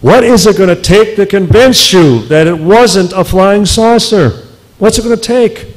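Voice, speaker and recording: A man voicing an angry male officer who yells on the phone, exasperated. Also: high-pitched, animated, unhurried, voice pushed up, poor audio. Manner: yelling, exasperated.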